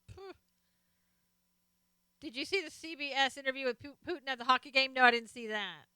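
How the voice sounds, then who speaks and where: A woman's voice: high voice, moderate pace, long pauses, pushed and bright, smooth, no room sound. A woman hosting a live stream, casually chatting about politics and answering viewer comments as she reads them out. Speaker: live stream host reading chat.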